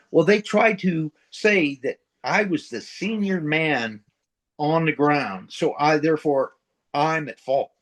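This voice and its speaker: Middle-aged man, ex-Marine senior enlisted, slightly higher voice, profane rambling raconteur, casual interview. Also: animated, unhurried, a bit bright, poor audio. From central United States. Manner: rambling, profane, blunt, voices sound effects. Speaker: retired Marine sergeant major, guest.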